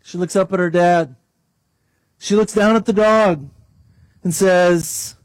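A man's voice: steady tone, slow, long pauses, no echo. A man preaching a sermon as pastor, leading a prayer and telling a story to his congregation. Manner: storytelling, prays aloud, varies pitch for emphasis.

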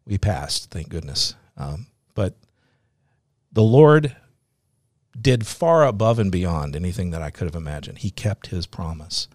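A man's voice: low-pitched, lively intonation, a little slow, a little mellow, no room sound, studio quality. A middle-aged man, a radio host as guest, telling his faith story in an earnest, reflective way. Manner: earnest, reflective, laughs easily.

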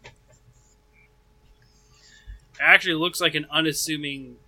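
A man's voice: a little high, fairly even intonation, fast talker, bright, forceful tone, rough recording. A man running a tabletop game as game master, easygoing and hesitant with fillers.

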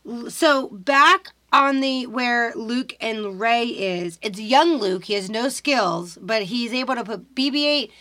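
Bright-voiced woman retelling a movie. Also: fairly high pitch, no echo. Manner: rapid retelling, acts out lines from the scenes. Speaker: podcast co-host. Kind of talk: casual chat recapping a movie.

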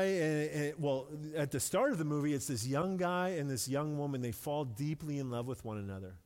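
A middle-aged man preaching a sermon in a relaxed, conversational way, with light self-deprecating humor and words repeated when he stresses a point. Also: fairly high pitch, normal speed, few pauses. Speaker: pastor. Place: church sanctuary with long reverb. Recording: long hall reverb.

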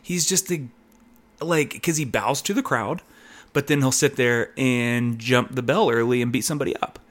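A man's voice: mid-range voice, normal speed. A man hosting a podcast, chatting casually and retelling stories with lots of fillers. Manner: animated storytelling, fillers. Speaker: podcast host. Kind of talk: casual chat.

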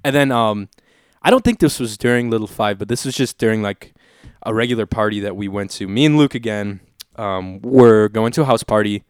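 A man in his twenties hosts a podcast with a clear, resonant voice. He tells his story in a relaxed, rambling way, full of filler words and casual swearing. The sound is close and dry. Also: fairly low pitch, a little fast, no room sound. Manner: laid-back, swears freely, heavy filler words. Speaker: podcast host.

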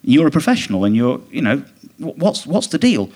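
A man, a comedian guest, telling a rambling, indignant anecdote with quick mimicked quotes in casual talk on a theatre stage. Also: mid-range voice, sing-song, darkish tone. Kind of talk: casual anecdote in a live podcast interview.

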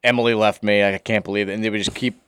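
A man's voice: on the low side, level tone, a bit bright, clean tone. A man in his twenties co-hosting a sports radio show, chatting casually and rambling with lots of fillers. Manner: rambling, filler-heavy, quick.

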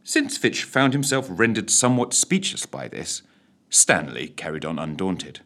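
A man's voice: low-pitched, sing-song, a little slow, fairly bright tone. A man, reading a radio story in a theatrical, droll narration.

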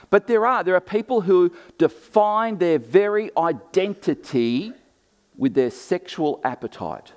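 A male pastor preaching to his congregation. He talks with emphasis, slowing on key points and dropping in humorous asides. His pitch sits in the middle for a man. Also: a little mellow. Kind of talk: sermon. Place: church.

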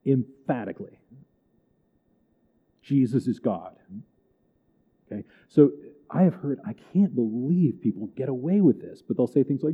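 A man's voice: medium pitch, fairly quick, breathy edge. Emphatic man teaching catechism. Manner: conversational and digressive, checks in with "right?" and "okay?"; animated and emphatic, with chuckles. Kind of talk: church catechism class lecture. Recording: tinny, phone-like recording.

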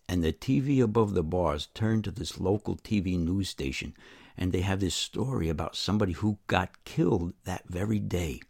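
A man telling a first-person story in a lively way, acting out the voices he quotes. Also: low-pitched, vocal fry. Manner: animated, acts out quoted voices.

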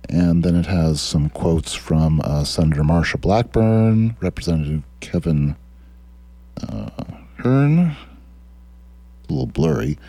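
Man on a radio talk show, sarcastic, mocking, reads quotes out, low dark husky voice. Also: animated, slow. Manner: sardonic, mocking. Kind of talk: sarcastic political commentary, reading quotes aloud. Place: radio studio.

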